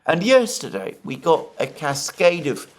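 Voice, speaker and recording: A middle-aged man delivers political commentary in long, measured, winding sentences. He restarts a word now and then. His pitch rises and falls a great deal as he speaks. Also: wildly swooping pitch. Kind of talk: solo commentary reading from an article.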